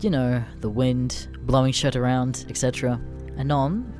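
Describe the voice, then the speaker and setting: A man narrating an internet horror story in a deadpan, profane way. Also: mid-range voice, normal speed, over music. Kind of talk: scripted narration of internet stories.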